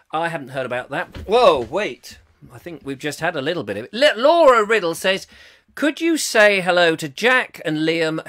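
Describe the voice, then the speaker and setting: A middle-aged man who hosts a live online chat show. He talks in a lively, bouncing way, his pitch sitting a little high and leaping around as he jokes and reads out viewer comments. He keeps jumping between loud asides and quieter muttering. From England.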